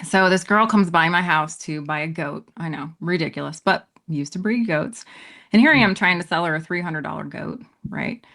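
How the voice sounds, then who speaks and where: A woman dog breeder, a podcast guest, telling her story in an animated, self-mocking way and laughing often. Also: on the low side, normal speed. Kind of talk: casual storytelling interview.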